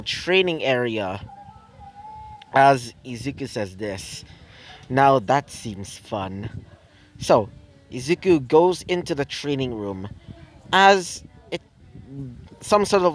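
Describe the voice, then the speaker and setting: A young man narrating an improvised fan story, rambling and full of fillers. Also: medium pitch. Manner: rambling, filler-heavy, many "well"s and "like"s.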